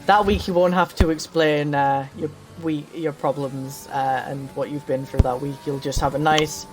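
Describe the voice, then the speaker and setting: A man's voice: on the high side, fairly even intonation, normal speed, music in the background. A man hosting a casual podcast, joking and laughing often while he drives a practice lap, his throat a little dry. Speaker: podcast host. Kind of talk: casual banter while sim racing.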